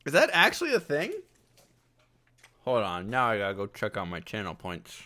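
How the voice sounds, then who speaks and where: A man's voice: lowish voice, huge pitch swings, normal speed, bright, forceful tone, slight background noise. A man streaming live, chatting casually and reacting to viewer messages while gaming, his voice sounding sick.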